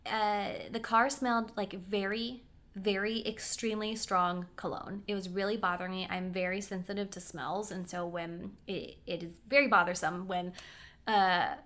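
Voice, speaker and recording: Young woman vlogger, bright voice, chatty storyteller who acts out her own reactions. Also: medium pitch, normal speed. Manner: chatty, animated storytelling with quoted voices and asides. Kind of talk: casual storytelling.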